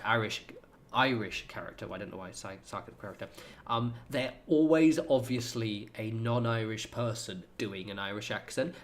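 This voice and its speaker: A man streaming a game, chatting casually in a rambling, sweary way with lots of fillers. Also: mid-range voice. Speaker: gaming streamer. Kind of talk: casual chat while playing.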